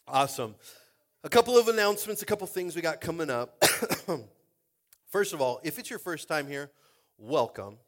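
A male pastor running a lively church service, joking and playful and often raising his voice to the room. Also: a little high. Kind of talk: church service games and announcements. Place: church sanctuary stage.

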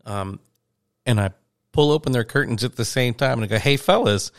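A man's voice: medium pitch, brisk, no room sound, clean studio sound. A man telling a long, rambling touring anecdote in casual conversation, acting out the quoted voices. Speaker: touring musician guest. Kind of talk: storytelling in casual chat.

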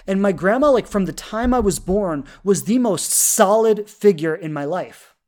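A woman's voice: mid-range voice, animated, moderate pace, mellow. A woman in her thirties, a love coach, telling a personal story in an earnest, heartfelt way, full of fillers and restarts. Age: 30s.

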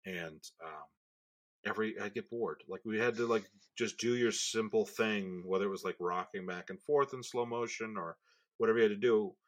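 A man with a lowish voice co-hosts a podcast. He talks casually and stops now and then with fillers and restarts. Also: normal speed. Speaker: podcast co-host. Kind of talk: casual chat.

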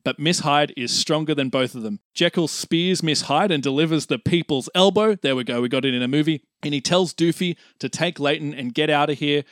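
A man on a podcast, telling an absurd movie plot in a playful, storytelling manner and acting out quick lines. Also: fairly high pitch, fairly bright tone, dry recording, studio quality. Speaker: podcast co-host pitching a film plot. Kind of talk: casual chat.

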